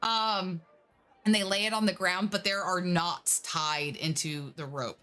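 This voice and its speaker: A woman's voice: fairly low pitch, fairly even intonation, unhurried, sharp tone. A woman narrating a tabletop game as game master, chatty with many fillers.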